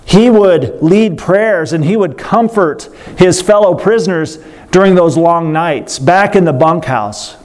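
A man's voice: high voice, a little slow, a little mellow. A man preaching a sermon, telling a story earnestly and breaking off for casual asides to the congregation.

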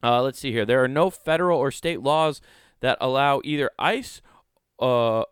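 A male podcast host riffs on news articles, rambling and swearing freely as he jokes along. His voice is smooth and clear, and the recording sounds dry and close. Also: medium pitch, moderate pace, dry recording. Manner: rambling, profane, joking.

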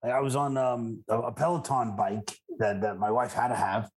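A man's voice: medium pitch, normal speed. Podcast host guy, easygoing chatty tone, mid voice, tells little stories from his life. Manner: relaxed, chatty, shares personal anecdotes. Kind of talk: casual conversation.

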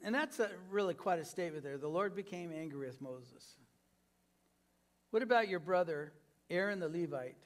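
A man preaching to his congregation, acting out quoted lines with big swings in pitch and loudness. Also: animated, normal speed. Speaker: pastor. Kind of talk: sermon.

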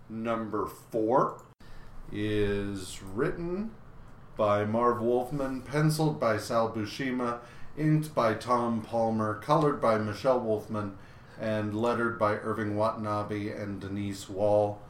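Slow, hesitant man in an echoey room. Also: lowish voice, a bit bright. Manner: halting, many filler pauses. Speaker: comic book podcast co-host. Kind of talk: casual recap chat.

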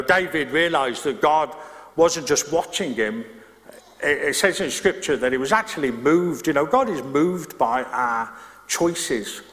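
With a bright, forceful voice of medium pitch, a middle-aged male pastor gives a conversational sermon. The echoing church hall carries his restarts and his asides to the congregation.

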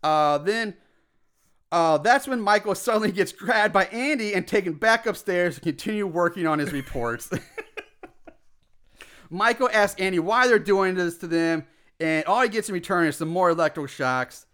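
Male podcast co-host, bright and crisp, rambling animated plot recap. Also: high-pitched, unhurried. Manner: rambling, animated retelling with quoted asides. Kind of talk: casual chat.

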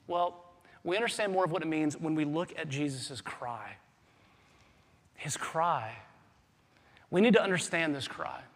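A man preaching a sermon as pastor, swinging between hushed, quiet passages and loud, urgent emphasis. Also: a little high, animated, unhurried, long pauses. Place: church sanctuary. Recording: long hall reverb.

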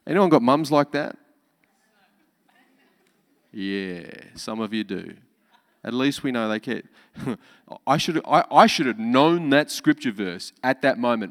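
A man's voice: medium pitch, expressive, measured pace, long pauses, big-room sound. A man preaching a sermon as pastor, emphatic, repeating key lines with joking asides.

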